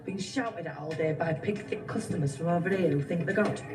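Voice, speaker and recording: A woman's voice: lowish voice, a little fast, noisy background, natural voice. Actress playing a blunt shop-owning woman. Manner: blunt, coarse, scolding. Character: brash, blunt middle-aged woman shop owner. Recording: TV clip played from far off with audience.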